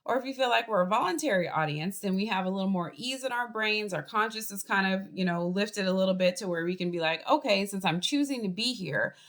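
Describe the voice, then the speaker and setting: A woman's voice: medium pitch, fast talker, few pauses. Boston-accented woman lecturing on a video call. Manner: lively, chatty teaching with acted example voices. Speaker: college professor. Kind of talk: online class lecture.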